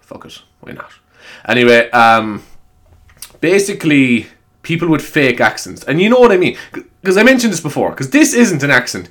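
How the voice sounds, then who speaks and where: This Irish vlogger's voice sits on the high side, slightly bright, with big pitch swings at a moderate pace. Talking to viewers in a loose, rambling monologue, he swears freely and laughs between points. A desk microphone picks him up over faint upbeat music.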